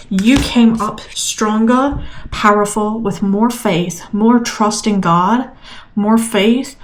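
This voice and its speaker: Emphatic woman giving a tarot reading. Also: medium pitch. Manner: emphatic, repetitive, encouraging. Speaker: tarot reader. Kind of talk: collective tarot reading to camera.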